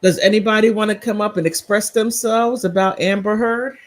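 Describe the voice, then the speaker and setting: A man's voice: high voice, steady tone, moderate pace, poor audio. A man hosting a casual live stream, rambling through commentary and reacting to viewer comments. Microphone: computer mic on a streaming app.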